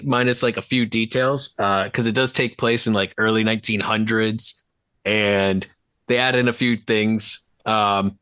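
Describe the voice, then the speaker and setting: Bright, enthusiastic man chatting about films. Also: on the low side, no echo. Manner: enthusiastic, rambling with many fillers. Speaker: podcast co-host. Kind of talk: casual film chat.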